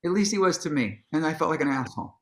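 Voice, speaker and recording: A man telling a long anecdote in an onstage conversation, casual and profane, acting out what people said with sudden jumps in his voice. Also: quick pace. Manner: animated storyteller, acts out quotes with big pitch jumps; casual, swears freely, restarts sentences. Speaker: guest, musician and author.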